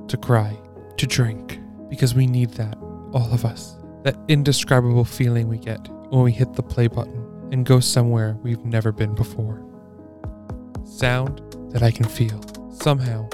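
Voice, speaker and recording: A man announcing a podcast intro in a grand, earnest promo voice-over style. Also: medium pitch. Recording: voice over loud music.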